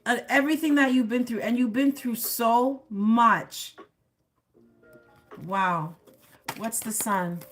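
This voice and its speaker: Slow and full of pauses, a slightly high-voiced woman reads tarot live over soft background music. She's chatty and sassy, talks directly to viewers as the collective, and often laughs at what she's just said.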